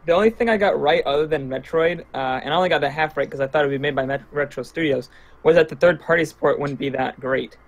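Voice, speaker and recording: Fast-talking man with a gravelly edge. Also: fairly high pitch. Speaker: podcast panelist. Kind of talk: casual podcast discussion.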